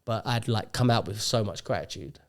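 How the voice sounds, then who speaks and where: Animated storyteller man. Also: lowish voice, fairly quick. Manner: animated storyteller, acts out quotes. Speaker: podcast guest. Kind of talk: casual storytelling chat.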